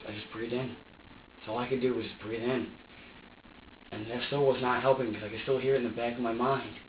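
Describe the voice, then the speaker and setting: A man's voice: medium pitch, distant mic. A young man in his twenties speaks in an agitated, rambling, profane way during a police interrogation, restarting his sentences over and over. He is heard from across a roomy interview room. The recording is dull and lo-fi, with a faint hiss underneath. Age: 20s. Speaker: suspect being interviewed. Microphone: room camera from a distance.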